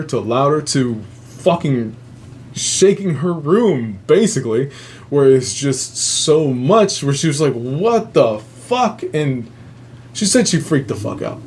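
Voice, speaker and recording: A man's voice: mid-range voice, darkish tone, slight background noise. A man hosting a show, casually retelling a family ghost story, swearing freely and rambling with many fillers. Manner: profane, rambling, laughs at own jokes. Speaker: host.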